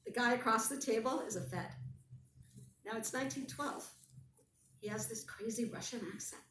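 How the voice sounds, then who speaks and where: Woman, guest storyteller, wry and animated, distant mic, faint background ambience. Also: fairly high pitch, normal speed, roomy sound, a little hiss or hum. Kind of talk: casual storytelling in conversation.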